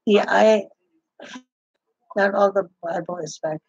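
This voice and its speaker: Older woman, husky, chatty rambler, dry lo-fi recording. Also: medium pitch, fairly even intonation, slow pace, no room sound. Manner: rambling, full of restarts and "I go". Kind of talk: casual chat. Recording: dull, muffled, lo-fi sound.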